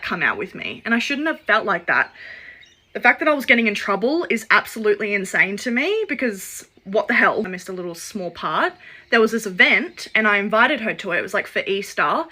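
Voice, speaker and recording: A chatty woman recounting a personal story in a casual storytime. Her voice is bright and forceful. She acts out the lines of the people in the story and leans on "like" as a filler. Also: mid-range voice. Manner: chatty, acts out quoted dialogue; frequent "like" fillers.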